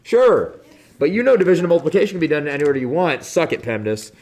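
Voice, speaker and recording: A man with a Midwestern accent, teaching a math review lesson in a classroom, animated and joking as he talks through each step. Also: on the high side, very fast. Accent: Midwestern American. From Midwestern United States.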